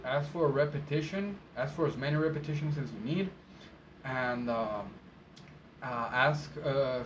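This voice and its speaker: A man whose first language is not English, an interpreter giving relaxed advice in a casual vlog, rambling with many fillers and restarts. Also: mid-range voice. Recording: dull sound with clear background noise.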